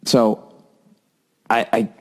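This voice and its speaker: Man on a profane, rambling comedy rant. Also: very slow. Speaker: podcast host. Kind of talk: casual comedic monologue.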